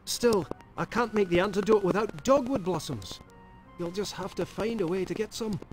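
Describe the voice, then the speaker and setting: A man's voice: high-pitched, moderate pace, faint music behind, natural voice, low-quality recording. An actor playing a kindly, fussy male village herbalist in an adventure game, with a broad stage Scottish accent. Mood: earnest. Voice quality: broad put-on brogue.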